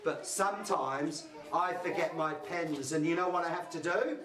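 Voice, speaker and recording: A woman performing a live storytelling show for young children, animated, making sound effects and getting the audience to join in. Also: low-pitched, normal speed. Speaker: children's entertainer. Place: large hall with a live audience. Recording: echoey hall, far mic, crowd noise.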